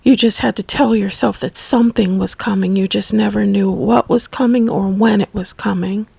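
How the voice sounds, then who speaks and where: A woman telling a personal memoir story, slow and halting, at times dropping to a soft whisper. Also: mid-range voice, steady tone, vocal fry, husky, dry recording, rough recording. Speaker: memoir narrator.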